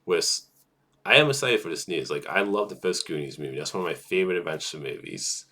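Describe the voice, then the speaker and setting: A man's voice: low-pitched, very animated, a little fast, sharp tone. A man casually talking through film news as a vlogger, rambling with lots of filler words and restarts.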